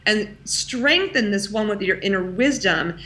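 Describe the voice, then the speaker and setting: A woman coach being interviewed, speaking emphatically and swinging her pitch up when she voices the thoughts she describes. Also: animated, unhurried, bright, forceful tone. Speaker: coach, guest. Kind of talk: animated conversational interview.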